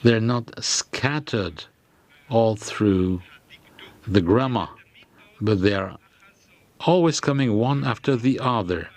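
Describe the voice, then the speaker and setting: Slow, hesitant male lecturer. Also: mid-range voice, animated. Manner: slow and hesitant, with frequent fillers and restarts. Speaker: lecturer on grammar. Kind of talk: halting lecture explanation.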